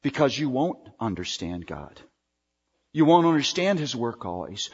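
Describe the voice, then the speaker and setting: A male pastor preaching a sermon in an emphatic way, drawing out key words with pauses. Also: mid-range voice, very animated, slightly rough. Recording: dull recording with long hall reverb.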